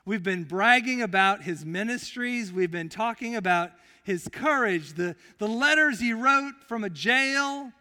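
Male preacher, high and bright, slow emphatic storyteller, recorded in a reverberant sanctuary. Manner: emphatic storytelling, swinging from loud to very quiet. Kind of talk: sermon. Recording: long reverb of a large hall.

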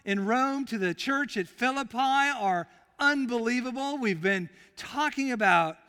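A very high, bright-toned man preaches slowly and deliberately. He tells his story with emphasis, dropping to near-whispers and then rising again, and his voice rings through a long church reverb. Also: lively intonation, clean tone. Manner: emphatic storytelling, swinging from loud to very quiet. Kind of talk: sermon. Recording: long reverb of a large hall.

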